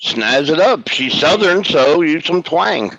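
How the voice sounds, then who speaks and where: A man's voice: fairly high pitch, lively intonation, slow, vocal fry, fairly bright tone, dry recording, lo-fi sound. A man on a casual live stream, giving encouraging direction to a co-host. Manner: coaching, encouraging.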